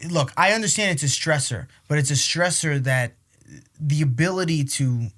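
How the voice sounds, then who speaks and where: A man's voice: on the high side, a bit bright. A man co-hosting a podcast who teases and quizzes his friends in casual chat. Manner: teasing, quick questions. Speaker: podcast co-host.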